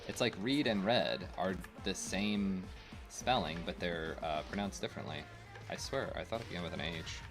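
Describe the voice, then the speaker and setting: Low-voiced man chatting to viewers. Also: normal speed. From United States. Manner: rambling, opinionated, full of fillers. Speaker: game streamer. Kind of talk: casual chat with stream viewers. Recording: faint game music behind.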